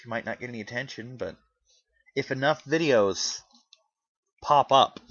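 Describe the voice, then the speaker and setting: A man's voice: mid-range voice, a bit bright, no room sound, dull audio. Impassioned man ranting into a home mic. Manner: impassioned, pleading, rambling with restarts. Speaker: YouTuber. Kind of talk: earnest spoken rant to camera. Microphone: home microphone.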